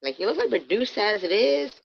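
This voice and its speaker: A woman ranting angrily on a livestream, swearing heavily and swinging between low muttering and loud outbursts. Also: sing-song, fast talker, vocal fry, a little hiss or hum. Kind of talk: angry ranting livestream commentary. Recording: dull lo-fi stream audio.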